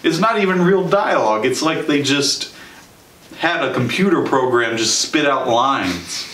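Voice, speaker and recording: Young male host, sarcastic casual reviewer, mid pitch, distant echoey mic. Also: expressive, fairly bright tone, a little hiss or hum. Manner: sarcastic, chatty, quick asides with laughs. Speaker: show host and movie reviewer. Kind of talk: casual spoken movie review. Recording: roomy sound from a distance.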